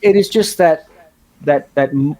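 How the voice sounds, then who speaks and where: A man talking as a guitarist guest in a casual podcast chat, an animated storyteller who mimics other players. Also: on the high side, a little slow.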